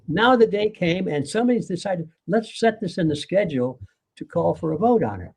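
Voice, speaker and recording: A man's voice: high voice, lively intonation, brisk, creaky, darkish tone, husky. An older man, a guest author in a live conversation, speaking earnestly and lecturing, with occasional laughs.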